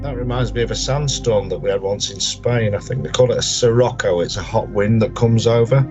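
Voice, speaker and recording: A man's voice: lowish voice, a little fast, highs cut off, over music. A man from Long Island, New York, a guest pilot on a casual live stream, easygoing and joking along with the host.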